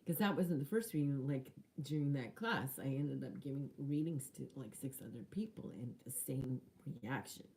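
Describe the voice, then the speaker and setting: A woman coach telling a personal story in an animated way, often dropping into hushed, whispery asides. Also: rumbling low, normal speed, few pauses, slight background noise. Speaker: spiritual coach.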